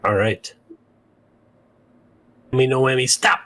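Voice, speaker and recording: A man playing a tabletop game, declaring his character's actions with hesitant pauses. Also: mid-range voice, fairly even intonation, pushed and bright. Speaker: player. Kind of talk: casual tabletop game play.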